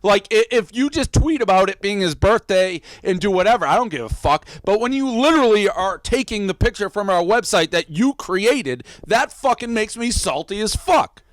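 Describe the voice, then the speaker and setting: A man's voice: high-pitched, lively intonation, moderate pace, few pauses, no room sound, poor audio. A man hosting a casual blog show, ranting heatedly with lots of swearing. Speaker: show host. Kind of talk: casual sports-blog banter.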